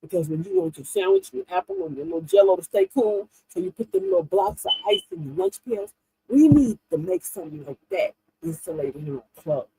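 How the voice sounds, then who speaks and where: A woman in her fifties hosting a livestream, telling funny stories in an animated, laughing way to her viewers. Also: high voice, a little fast, gravelly, no echo, poor audio. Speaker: livestream host. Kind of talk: casual chat to viewers.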